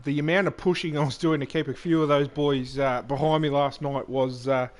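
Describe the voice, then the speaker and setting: A man giving casual commentary on an online racing league he also drives in, relaxed, with many fillers and restarts. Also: a little high, brisk.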